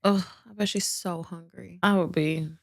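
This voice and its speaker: A woman's voice: on the low side, fairly even intonation, normal speed, creaky, no room sound, studio quality. Chatty woman podcast co-host. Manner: chatty, chiming in. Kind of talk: true crime storytelling chat.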